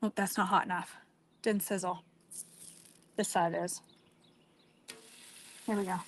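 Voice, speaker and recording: A woman's voice: on the low side, fairly even intonation, a little slow, a little hiss or hum. A woman vlogger chatting casually as she cooks outdoors on her deck, talking straight to her viewers with lots of exclamations. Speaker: cooking vlogger. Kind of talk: casual chat while cooking.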